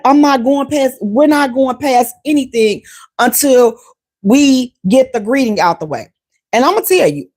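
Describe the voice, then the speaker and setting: A woman hosting a radio talk show, telling stories in a lively, expressive way and acting out conversations, with features. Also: a little high. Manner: animated, expressive storyteller acting out exchanges. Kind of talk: casual monologue.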